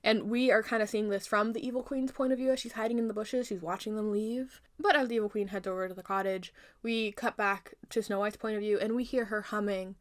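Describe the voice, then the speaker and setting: A young woman casually retelling a fairy tale in her own version, animated and jokey, with plenty of asides. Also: mid-range voice, a little fast, hardly any pauses. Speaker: youtuber retelling a story.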